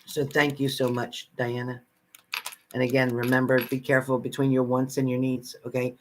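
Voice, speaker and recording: A chatty man gives live spirit-message readings to viewers from his home, repeating phrases and addressing people by name. His medium-pitched voice is completely flat at a moderate pace, with a little hiss or hum underneath.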